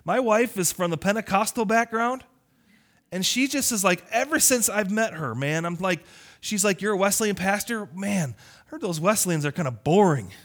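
A male pastor preaching a lively, conversational sermon, teasing his congregation. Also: high-pitched, moderate pace.

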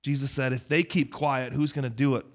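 A male pastor preaching a lively, conversational sermon, teasing his congregation. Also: mid-range voice, fairly quick.

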